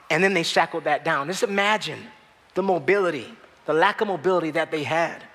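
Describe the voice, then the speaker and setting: A man preaching a sermon to his church, passionate and swinging between loud outbursts and hushed moments. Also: high-pitched, long reverb tail. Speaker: pastor. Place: church hall.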